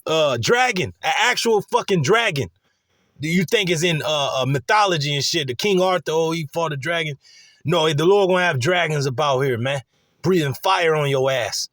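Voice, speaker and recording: Man, fairly high voice, dry close sound; profane, rambling, excitable preacher. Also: no room sound. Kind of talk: profane casual sermon.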